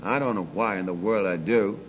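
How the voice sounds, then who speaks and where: An older man preaching a sermon, emphatic, moving between loud declarations and quiet asides. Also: on the low side, a little fast, big-room sound, dull audio, faint music behind.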